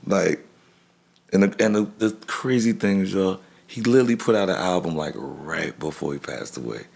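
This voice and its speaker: Low, gravelly-voiced grieving father. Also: darkish tone. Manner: halting, restarts phrases, often acts out what people said. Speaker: podcast guest. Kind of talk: personal storytelling in a podcast interview.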